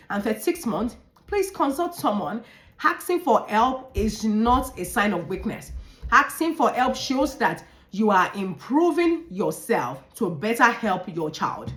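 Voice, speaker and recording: A woman's voice: a little high, a bit bright. A woman special needs educator giving an earnest instructional talk to parents, repeating key phrases and correcting herself as she goes. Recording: echoey room.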